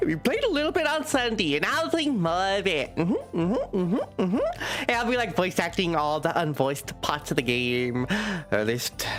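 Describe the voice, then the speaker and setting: Giggly high-pitched woman streamer. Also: a bit bright. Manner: giggly, laughs often between sentences. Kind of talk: casual game livestream chat and reading.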